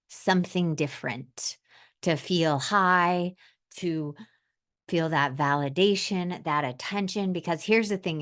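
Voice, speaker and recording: A woman hosting a podcast, talking bluntly and emphatically in a solo monologue. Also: on the low side. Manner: emphatic, blunt, acts out quoted voices. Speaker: podcast host.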